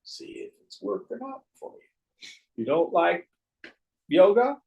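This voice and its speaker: A man's voice: high-pitched, very animated, slow pace, gravelly, mellow, poor audio. A man teaching a class on spiritual verses, telling stories in a wry, joking way.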